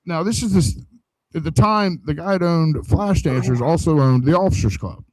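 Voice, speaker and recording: Profane, animated man telling a story. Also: a little high, moderate pace, no echo, poor audio. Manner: profane, animated storyteller acting out quoted dialogue. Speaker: podcast co-host telling a story. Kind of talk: casual storytelling chat.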